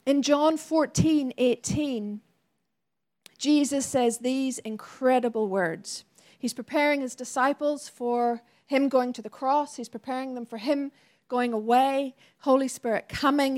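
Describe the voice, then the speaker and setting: A woman's voice: sits high, unhurried, a little mellow. A woman preacher delivering a sermon in an earnest, conversational way with laughing asides.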